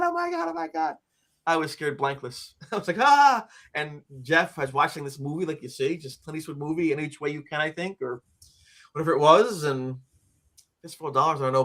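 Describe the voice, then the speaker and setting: A man of about sixty, a guest on an interview show, telling a personal story in a lively way and acting out the quotes. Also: fairly high pitch. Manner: lively, acts out quotes and screams, frequent "like" fillers. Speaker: interview guest, author and teacher.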